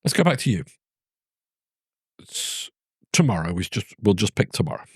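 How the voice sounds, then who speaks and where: A male host with a very deep, husky voice asks probing questions, often rephrasing and restarting as he goes. His pitch swings widely as he talks. The sound is close and dry. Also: very animated, normal speed, no room sound. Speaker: podcast host. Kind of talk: interview questions.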